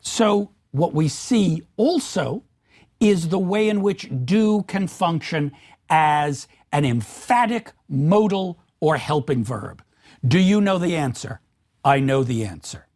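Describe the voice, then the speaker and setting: A man giving an academic lecture in a measured, emphatic way, speaking example sentences aloud. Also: high voice, lively intonation, darkish tone.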